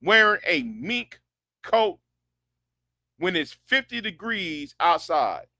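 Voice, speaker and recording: A man's voice: high voice, very animated, takes it slowly, bright, forceful tone, dry recording, studio quality. A man delivering a sarcastic, incredulous rant as an online commentator, often repeating himself. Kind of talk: ranting commentary.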